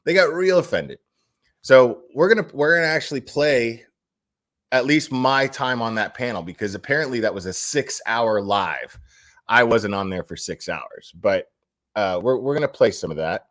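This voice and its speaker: A man hosting his own commentary channel voices strong opinions. His pitch swings animatedly as he talks in a loose, conversational way. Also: normal speed. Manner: animated and opinionated, with frequent restarts. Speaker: channel host. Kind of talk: casual commentary vlog.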